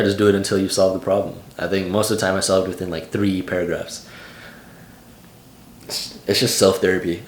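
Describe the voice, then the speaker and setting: A man's voice: low voice, reverberant, slight background noise. A young man in his late teens giving casual vlog advice in a loose, slangy way full of "like". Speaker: vlogger.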